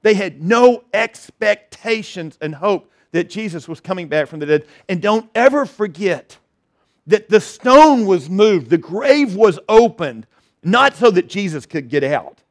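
High-voiced man preaching. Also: lively intonation, a little slow. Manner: conversational preaching with repeated restarts and emphatic phrases. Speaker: pastor. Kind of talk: sermon.

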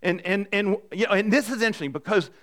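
A man preaching a sermon to a congregation in a conversational, animated way, often asking the room questions. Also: high-pitched, fast talker. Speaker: pastor. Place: church in front of a congregation.

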